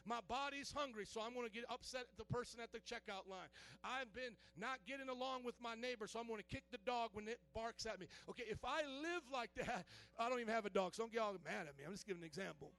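High-pitched guy preaching, chatty, keeps quizzing the room and cracking jokes. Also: fast talker, a bit bright. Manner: conversational, quizzing the congregation with questions; joking asides. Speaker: pastor. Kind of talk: sermon.

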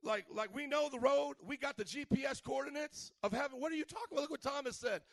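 A man in his thirties preaching a sermon in an animated, humorous way, at times raising his voice to a shout. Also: high-pitched, quick pace, vocal fry, no room sound. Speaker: pastor.

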